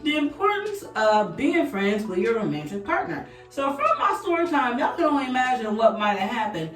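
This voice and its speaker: A woman's voice: on the high side, very animated, normal speed, a bit bright. A young woman, chatting animatedly with viewers while she does her makeup in a storytime vlog. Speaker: beauty vlogger. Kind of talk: casual storytime chat while doing makeup. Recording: echoey room, voice a bit distant. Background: faint background music.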